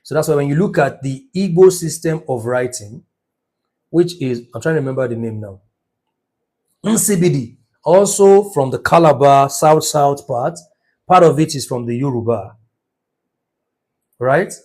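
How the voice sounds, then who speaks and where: A man's voice: medium pitch, lively intonation, unhurried, long pauses, darkish tone. A middle-aged man teaching business numerology in an impassioned lecture, stressing words by drawing them out and asking rhetorical questions.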